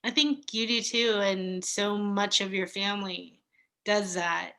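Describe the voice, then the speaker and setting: Woman in her thirties, unhurried and earnest, bright voice, gentle heartfelt conversation. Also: mid-range voice, steady tone. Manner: slow, reflective, with soft laughs and pauses. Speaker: guest. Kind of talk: casual heartfelt chat.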